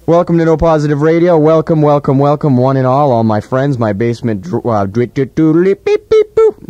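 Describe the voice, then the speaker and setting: A man's voice: mid-range voice, darkish tone, dry recording. Mock-grandiose young man on the radio. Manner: mock-grandiose, profane, stammers and repeats words. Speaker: radio host. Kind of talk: irreverent casual radio banter. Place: college radio studio. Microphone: studio mic, monitoring on headphones.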